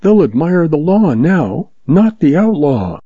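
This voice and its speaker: A man voices a gentle young woman, lifted high in pitch and earnest in tone. The sound is dull and lo-fi, with a husky edge. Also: big pitch swings, slow, dry recording, exaggerated voice. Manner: soft, earnest.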